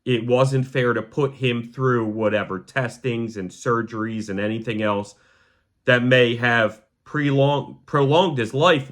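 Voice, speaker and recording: A young man hosting a podcast, talking to camera in a heartfelt, halting way that sometimes sounds choked up. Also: mid-range voice, fairly bright tone. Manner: repeats the word "gang" to the audience. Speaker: podcast host. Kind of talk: emotional personal monologue to camera.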